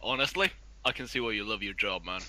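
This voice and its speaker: A man's voice: on the low side, fast, heavy background noise. A man playing a tabletop game, brash and swearing freely. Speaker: player. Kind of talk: casual tabletop role-play.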